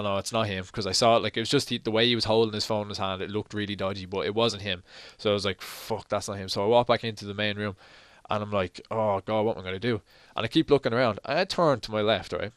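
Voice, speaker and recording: A man's voice: lowish voice, no echo. A young man, telling a personal story on his vlog, swearing a lot and acting out what everyone said. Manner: animated, profane retelling that acts out quoted dialogue. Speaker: vlogger.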